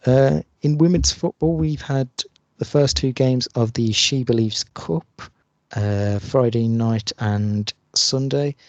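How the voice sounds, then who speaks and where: A man hosting a casual football podcast, reading out results and stories with frequent hesitations. His voice sits at an ordinary pitch and is recorded close and dry, with no room sound around it. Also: takes it slowly, no room sound. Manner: reads news with frequent hesitant fillers. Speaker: podcast co-host. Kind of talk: football podcast news roundup.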